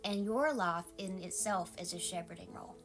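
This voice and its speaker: Calm Southern woman pastor. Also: lowish voice, normal speed. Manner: soft, calm and maternal, drops to whispers. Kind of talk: informal devotional sermon.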